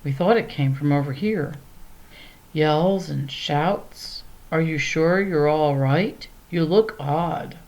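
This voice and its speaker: A woman's voice: deep voice, slow, darkish tone, poor audio. A woman voicing a nosy neighbor lady who pries and turns huffy. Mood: prying. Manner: prying, huffy.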